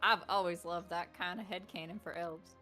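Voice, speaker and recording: Young woman host, low-ish bright voice, chatty and giggly. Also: fairly even intonation, moderate pace, soft background music. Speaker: stream host asking questions. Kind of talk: casual group chat.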